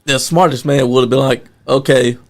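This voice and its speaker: A laid-back man hosts a casual podcast, his voice gravelly and mid-pitched. He chimes in with quips and follow-up questions. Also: fairly even intonation, moderate pace. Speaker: podcast host.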